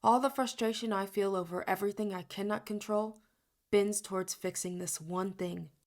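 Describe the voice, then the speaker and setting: Woman audiobook reader, first-person narrator, mid pitch, some vocal fry. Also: fairly even intonation, normal speed.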